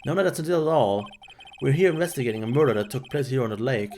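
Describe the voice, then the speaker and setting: A man's voice: medium pitch, animated, fast talker, a little mellow, slight background noise. A man streaming a game, reading the lead's lines in a dry, wry voice. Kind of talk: reading game dialogue aloud.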